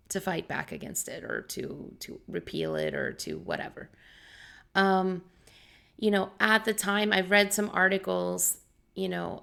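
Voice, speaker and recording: Chatting casually on her vlog, a young English teacher explains things in a scratchy, fairly bright voice on the low side, with vocal fry and a steady stream of fillers and disclaimers.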